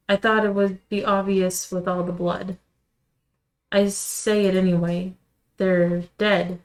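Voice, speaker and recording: A woman streamer reading a visual novel aloud in quiet, measured first-person narration. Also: medium pitch, little pitch movement, poor audio. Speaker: let's-play streamer.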